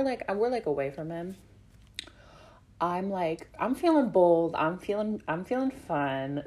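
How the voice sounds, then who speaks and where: Rambling young woman host, low voice. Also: mellow. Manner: rambling, filler-heavy, flustered and swearing. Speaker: podcast host. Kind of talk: casual storytelling chat.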